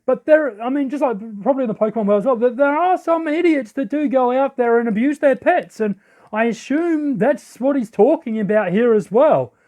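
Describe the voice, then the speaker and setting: A man giving excitable, casual commentary while playing a game. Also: very high voice, a little fast. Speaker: let's play host. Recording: lo-fi audio.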